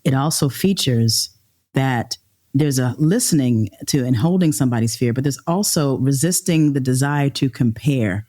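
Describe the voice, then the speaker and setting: A woman's voice: a bass voice, moderate pace, warm tone. A woman hosting an interview podcast, affirming her guest with frequent agreement and easy laughter as she asks her questions. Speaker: podcast host. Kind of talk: conversational interview.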